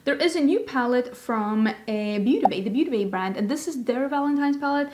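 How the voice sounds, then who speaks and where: A woman's voice: sits high, lively intonation, fairly quick. A woman hosting a casual beauty vlog, chatty and rambling, with self-deprecating asides. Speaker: beauty vlogger host. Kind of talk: casual chat.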